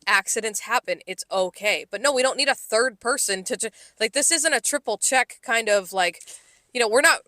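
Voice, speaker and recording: Bright woman on a podcast, a bit high pitched, blunt and sweary, dry close mic. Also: normal speed, no echo. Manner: laughs along, chimes in, blunt and profane. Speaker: podcast co-host, restaurant server. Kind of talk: casual podcast chat.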